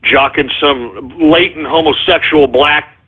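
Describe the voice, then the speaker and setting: A man's voice: fairly high pitch, measured pace, breathy edge. A man hosting a call-in radio show, ranting angrily and swearing at his callers. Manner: angry ranting, swears a lot. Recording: tinny phone-like broadcast audio.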